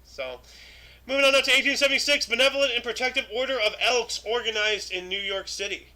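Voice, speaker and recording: Bright-voiced man hosting a casual history stream. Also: very high-pitched, fast talker. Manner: reads dates aloud then adds offhand asides, many fillers. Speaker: show host. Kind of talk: casual history livestream commentary.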